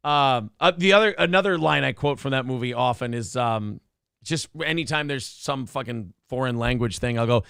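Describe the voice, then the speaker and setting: A man's voice: medium pitch, moderate pace, vocal fry, fairly bright tone, smooth, no room sound, studio quality. A man hosting a morning talk show, chatting casually in a crude, rambling, jokey way. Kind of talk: casual comedic chat.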